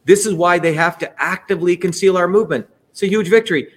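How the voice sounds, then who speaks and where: Fiery male host, slightly high voice, profane and shouting at times. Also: fast, husky. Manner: heated, profane, rising to shouts. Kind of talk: fiery political livestream speech.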